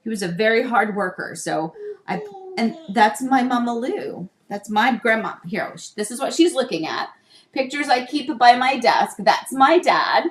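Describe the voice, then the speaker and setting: A middle-aged woman hosting a casual livestream from her home office desk, chatty and quick to laugh. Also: a little high, animated, a little hiss or hum. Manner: chatty, laughs often, coos to a toddler. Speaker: livestream host.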